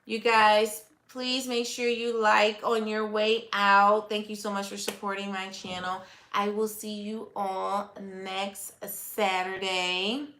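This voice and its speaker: A woman's voice: mid-range voice, level tone, takes it slowly, few pauses, fairly bright tone, roomy sound. A woman hosting a casual livestream, chatting with viewers, laughing often and reacting to comments. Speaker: livestream host. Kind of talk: casual live chat.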